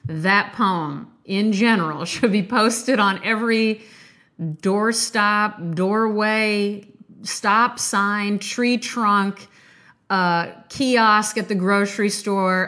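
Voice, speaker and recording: A woman hosting a late-night podcast, reading a poem slowly and emphatically, then chatting emotionally with listeners. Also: medium pitch, bright, forceful tone, faint music behind. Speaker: podcast host reading poetry. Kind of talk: poetry reading and casual chat.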